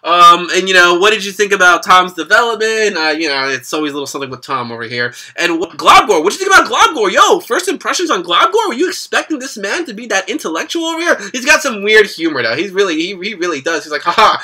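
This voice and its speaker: A young man hosting a casual cartoon reaction video, talking in an excitable, slangy way. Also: high-pitched, quick pace, hardly any pauses. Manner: excitable and slangy, lots of laughing asides. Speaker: YouTube reaction host.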